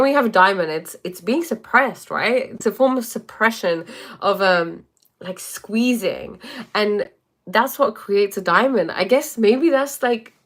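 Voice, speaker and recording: A woman's voice: mid-range voice, fairly bright tone. A woman life coach chatting casually on a livestream, rambling with many fillers and answering viewer comments.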